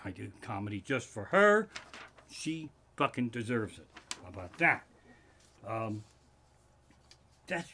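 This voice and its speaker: A man doing a profane stand-up routine from his living room, ranting in loud swearing bursts. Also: on the high side, a little hiss or hum. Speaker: stand-up comedian.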